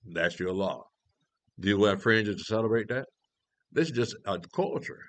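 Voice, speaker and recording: Reading verses at a normal speed, an elder teaches a prophecy class conversationally. He asks rhetorical questions and restarts often. His voice is lowish with a fairly bright tone.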